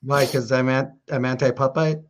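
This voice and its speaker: A man's voice: medium pitch, fairly even intonation, moderate pace, a little hiss or hum. A male cohost on a comedy show, talking in an earnest, patiently explaining way.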